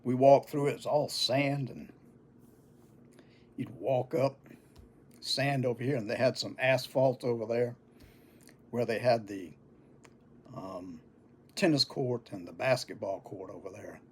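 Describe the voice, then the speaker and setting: An older man spinning a folksy childhood tale, his voice husky and breathy at middle pitch. He tells it in an easy, unhurried, homespun manner. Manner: folksy, unhurried, chuckling between lines. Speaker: storyteller. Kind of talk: casual oral storytelling.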